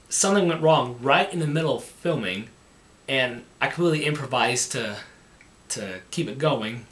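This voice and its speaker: A man casually talking about making his own film, halting and often repeating words as he restarts. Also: fairly high pitch, a bit bright. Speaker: amateur filmmaker. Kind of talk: casual behind-the-scenes talk. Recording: echoey room, mic at a distance.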